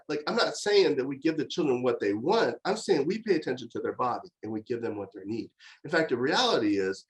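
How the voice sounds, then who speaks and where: A middle-aged man giving a conversational university lecture on parenting, telling stories in an animated way with frequent fillers and restarts. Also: fairly high pitch, poor audio.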